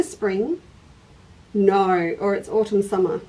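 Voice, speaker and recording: A craft shop host runs a casual stitching livestream, chatting, laughing, demonstrating and answering viewers. Her voice is medium-pitched, sing-song and a little mellow, and she speaks slowly with frequent pauses. The mic sits at a distance.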